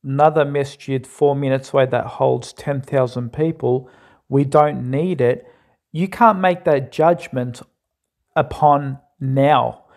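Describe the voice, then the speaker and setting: A man's voice: mid-range voice, takes it slowly, vocal fry, a little mellow. Earnest man arguing in a reaction video. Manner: earnest, argumentative, repeats points. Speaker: commentator reacting to a clip. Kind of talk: reaction commentary.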